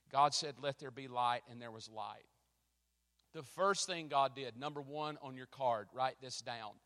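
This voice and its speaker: A middle-aged man preaching a sermon as a pastor, animated and self-mocking as he tells stories, in a church. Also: mid-range voice, long reverb tail.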